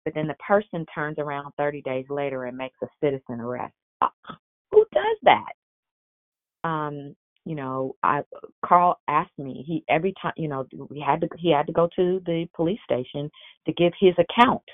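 A woman in her forties preaching a sermon, telling a personal story with animated, quoted back-and-forth dialogue. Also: sits low, brisk, no echo. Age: 40s. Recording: tinny phone-like sound.

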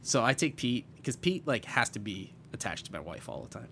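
A man co-hosting a podcast, telling a rambling story in casual chat with lots of fillers and getting loud when excited. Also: mid-range voice, brisk, vocal fry, slight background noise. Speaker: podcast co-host.

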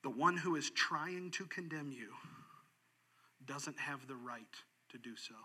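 A male pastor preaching a sermon in an animated way, swinging from loud, emphatic lines down to hushed, quiet ones. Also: mid-range voice, unhurried, slightly rough.

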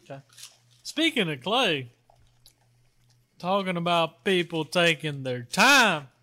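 Guy talking real slow, high bright voice, laid-back podcast chat. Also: big pitch swings. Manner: drawling, slow-talking, laughs at himself. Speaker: podcast co-host. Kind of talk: casual chat.

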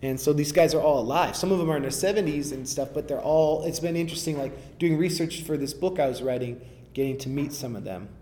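A man's voice: on the high side, fast, hardly any pauses, mellow, a little hiss or hum. A man, a rapper, talking casually in an interview, rambling and restarting often with enthusiasm.

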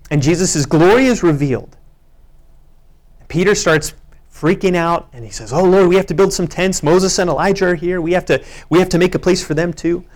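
A man preaching a sermon, reading scripture aloud with earnest emphasis. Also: a little high. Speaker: pastor.

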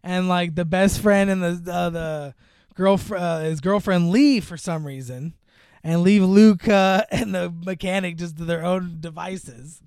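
A young man with a high, smooth, clear voice chats casually about a film. He rambles, full of fillers, and slips into acted-out lines from the characters. The sound is close and dry. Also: measured pace, a little mellow, dry recording. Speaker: podcast co-host recapping a movie. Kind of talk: casual chat.

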